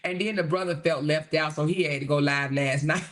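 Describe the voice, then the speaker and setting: A woman hosting a livestream, reading viewer comments in casual chat that is animated, laughing and gossipy. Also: low voice, brisk. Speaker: livestream host.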